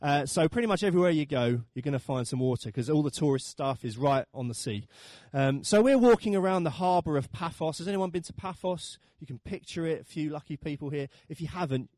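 A man in his thirties preaching a sermon and telling a funny holiday story, with lively acted quotes. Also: fairly high pitch, a little fast, dry recording. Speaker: pastor.

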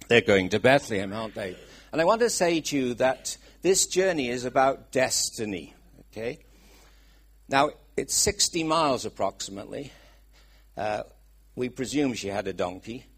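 A man's voice: fairly low pitch, slightly rough. A middle-aged man with a Welsh accent preaching a sermon, chatty and asking his listeners questions. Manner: chatty, asks the congregation questions.

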